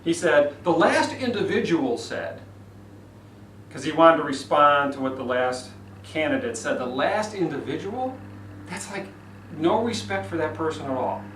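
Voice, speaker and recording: A man teaching public speaking, demonstrating phrasing with dramatic pauses and emphasis. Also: a little high, lively intonation, fairly bright tone. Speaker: speaking coach. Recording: echoey room from far off with faint noise.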